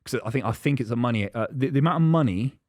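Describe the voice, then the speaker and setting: A male podcast co-host in casual football chat, quick and argumentative, full of stats and comparisons. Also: mid-range voice, animated, darkish tone, no room sound, studio quality.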